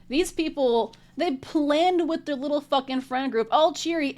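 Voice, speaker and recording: A woman's voice: sits high, unhurried, few pauses. A woman reading tarot cards in a vlog, talking bluntly and indignantly with heavy profanity. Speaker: tarot reader.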